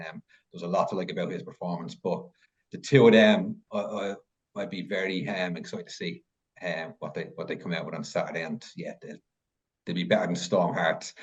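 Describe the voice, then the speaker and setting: Man, low voice, muffled dull recording, relaxed and hesitant. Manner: relaxed, hesitant, lots of ums. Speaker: podcast panelist, French racing pundit. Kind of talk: casual betting chat. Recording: slightly dull, muffled sound.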